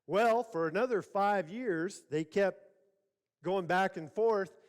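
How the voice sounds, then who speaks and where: A man's voice: high voice, takes it slowly. A male pastor preaching a sermon, opening with a folksy joking story. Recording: church hall reverb.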